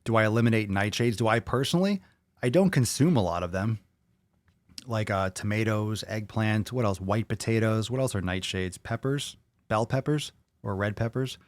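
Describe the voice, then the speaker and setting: A man's voice: fairly low pitch, moderate pace, no echo, clean studio sound. Blunt, profane man on a podcast. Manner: blunt and profane, reacting to viewer comments. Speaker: podcast host reading comments. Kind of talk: casual chat.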